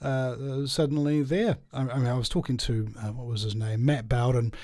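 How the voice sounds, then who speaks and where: A man's voice: medium pitch, steady tone, moderate pace, a little mellow, no room sound, clean studio sound. A New Zealand man hosting a talk show, chatting loosely with many fillers and restarts. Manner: rambling, lots of uh fillers and restarts. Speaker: show host. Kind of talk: casual chat.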